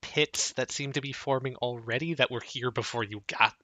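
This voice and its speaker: A man's voice: moderate pace, no echo. A man running a tabletop game as game master, narrating scenes and jumping into character voices. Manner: animated, jumps into high-pitched character voices.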